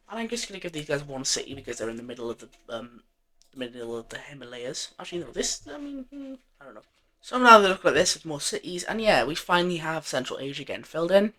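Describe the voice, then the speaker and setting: A man's voice: fairly high pitch, big pitch swings, fast, a bit bright. A man narrating an alternate-history map in a casual, rambling way, full of fillers and offhand self-corrections.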